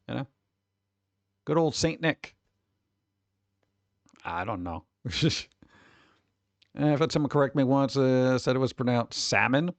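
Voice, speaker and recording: A man's voice: on the high side, gravelly, dry recording. Rambling, laughing American male streamer. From United States. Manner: rambling, laughs often, trails off. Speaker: VTuber streamer. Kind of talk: casual livestream chat.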